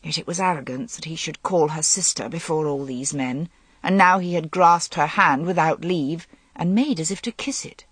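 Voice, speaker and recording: A narrator reading a medieval novel aloud in a steady storytelling manner. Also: medium pitch, moderate pace, breathy edge, no echo. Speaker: audiobook narrator. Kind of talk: scripted narration.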